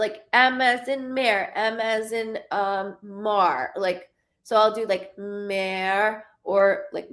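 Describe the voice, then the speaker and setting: A woman in her thirties giving a live-streamed psychic reading, halting and stuttering, often repeating words as she searches. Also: medium pitch, a bit bright. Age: 30s.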